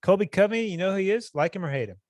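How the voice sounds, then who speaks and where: Laid-back podcast co-host, a man with a higher, bouncy voice, recorded dry and close. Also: lively intonation, racing, darkish tone, dry recording. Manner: laid-back banter, swearing, joking. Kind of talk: casual chat.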